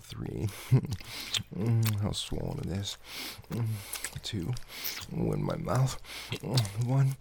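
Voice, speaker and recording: A man doing intimate audio role-play, murmuring softly with frequent hums and sighs. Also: on the low side, wildly swooping pitch, slow, vocal fry, pauses often, background noise.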